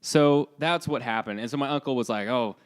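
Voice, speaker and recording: A young man co-hosting a podcast, telling a story in a loose, animated way with lots of fillers and acted-out lines. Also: mid-range voice, a little fast, smooth. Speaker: podcast co-host. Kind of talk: casual storytelling.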